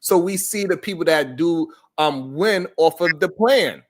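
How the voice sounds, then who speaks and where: A man hosting a live-stream talk show, talking in an emphatic, slangy, animated way. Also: a little high, measured pace. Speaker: host.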